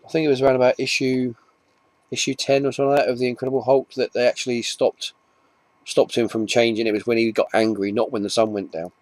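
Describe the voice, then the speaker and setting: A man's voice: medium pitch, level tone, fast, dry recording. Chatty English man rambling to camera. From England. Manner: rambling, chatty, restarts often, self-mocking asides. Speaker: comic collector vlogger. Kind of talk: casual chat to camera.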